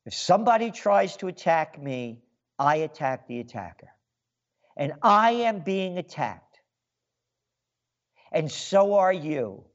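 A man with a somewhat high, wildly swinging voice fires off a slow, sarcastic radio rant full of insults. The sound is dull and lo-fi, like an old broadcast line. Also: very animated. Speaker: radio host. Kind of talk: ranting radio monologue.

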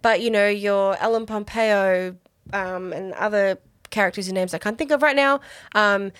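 A chatty Australian woman co-hosts a podcast, talking casually with quick asides and little laughs. Her voice is dry and close, with no room sound. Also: mid-range voice, a bit bright, smooth, no echo. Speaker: podcast co-host. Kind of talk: casual chat.

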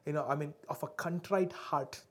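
A man, preaching a sermon to a congregation, swinging between loud emphatic peaks and quiet drops and often asking his listeners to respond. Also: a little high, normal speed. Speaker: pastor.

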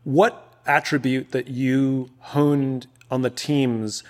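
Man, co-host, careful questioner, mid pitch, a bit hesitant. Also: level tone, slow pace. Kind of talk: casual conversational questions.

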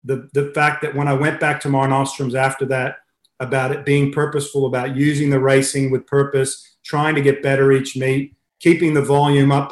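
A man's voice: mid-range voice, roomy sound. A middle-aged Australian man, a swimming coach being interviewed, who chats casually and tells stories with many fillers and restarts. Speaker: head swimming coach, guest.

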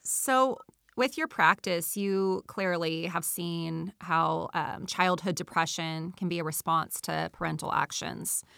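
A woman co-hosting a podcast, affirming her guest and putting measured questions to him. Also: on the low side, gravelly, pushed and bright, clear, resonant tone, dry recording, clean studio sound. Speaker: podcast co-host. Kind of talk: casual interview.

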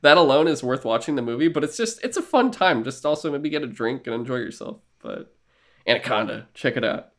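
A man's voice: medium pitch, a little fast. A man co-hosting a podcast in casual chat, rambling and joking with casual swearing. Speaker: podcast co-host.

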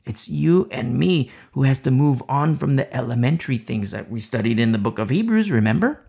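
A man's voice: medium pitch, animated, a little fast, gravelly, darkish tone, husky. A man preaching a sermon. He speaks straight to the listener and repeats key phrases for emphasis. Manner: addresses listener directly and personally.

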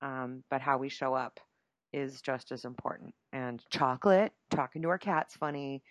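A woman's voice: very deep voice, fairly even intonation, normal speed, dry recording. A woman hosting a podcast in a playful, chatty way, often laughing as she talks. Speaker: podcast host. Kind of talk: casual chat.

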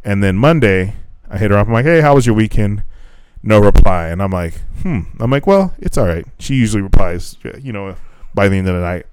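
A fairly low, smooth male voice moves at a fairly quick clip in this dry podcast recording. The young co-host tells a dating story in a casual, profane way, performing the dialogue as he goes.

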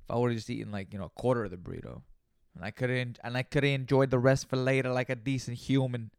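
Young guy, solo podcast host, gravelly rasp, dry close sound, loose profane rambling with jokey asides. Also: mid-range voice, fairly even intonation, fast talker, darkish tone, no room sound. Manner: profane, rambling and joking, with playful repeated asides. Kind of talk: casual solo podcast monologue.

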